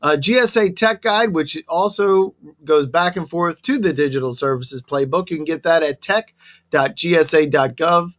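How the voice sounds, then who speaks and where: A man's voice: on the high side, normal speed. A man hosting an online government briefing, friendly as he walks through a list of web resources. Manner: friendly, lists web resources in a steady presenter tone. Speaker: webinar host.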